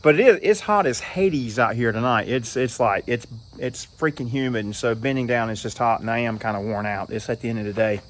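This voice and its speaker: A man's voice: mid-range voice, a little fast, hardly any pauses. A middle-aged man casually rambling through a walk-through of his RV, recorded on a phone outdoors at a campsite at night. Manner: rambling and folksy, with frequent fillers. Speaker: RV owner vlogger. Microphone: handheld phone. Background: crickets and insects.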